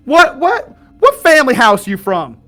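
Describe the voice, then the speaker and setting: A man with a high, bright voice runs a tabletop game from his home mic. He talks in a rambling, folksy drawl and laughs often. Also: wildly swooping pitch, unhurried. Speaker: game master. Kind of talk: playing a tabletop game, doing character voices.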